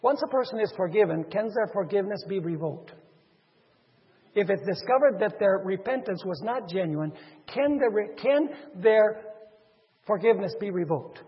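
A man preaching a sermon in a high, husky voice, acting out the voices of a parable's figures. His delivery swings widely, rising loud and dropping soft. The sound is dull and carries the long reverb of a hall. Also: normal speed. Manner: animated, acts out parable characters with sudden loud and soft swings.

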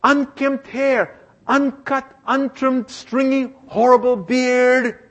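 A man playing an earnest, insistent customer in a sermon story, listing things slowly and emphatically. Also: extremely high pitch, level tone, fairly bright tone, pitched above the performer's own voice, full character voice. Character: clean-shaven male customer, earnest and insistent.

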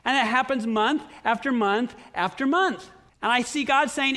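A middle-aged pastor preaching a sermon in a church, telling stories in an earnest way with lively swings in his voice. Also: normal speed. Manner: earnest storytelling with animated swings in pitch.

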